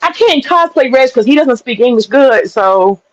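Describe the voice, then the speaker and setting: A woman's voice: sits high, animated, normal speed, no echo, lo-fi sound. A woman guest chatting casually on a livestream, brash, teasing and profane. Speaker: stream guest.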